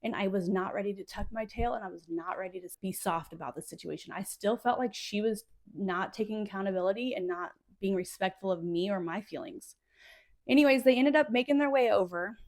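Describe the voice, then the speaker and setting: Rambling woman podcaster, emotional. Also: medium pitch. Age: 30s. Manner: rambling, frequent "like" fillers, emotionally charged. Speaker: podcast host. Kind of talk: casual solo podcast monologue.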